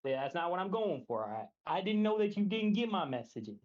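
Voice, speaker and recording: A male caller on a voice call to a stream, talking in a rushed, calming way with many fillers. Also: sits high. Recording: dull lo-fi call audio.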